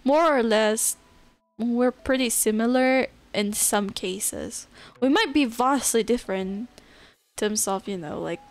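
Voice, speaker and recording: A woman live streamer in casual chat with her viewers. She is relaxed and chatty, laughs often and answers chat messages. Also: on the high side, takes it slowly.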